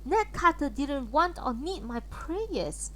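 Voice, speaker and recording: A woman voicing a tired grown son, an evangelist, who speaks in a flat, worn-out voice. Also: sits high, slow pace, slight background noise, voice pushed up, heavily acted, low-quality recording. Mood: weary.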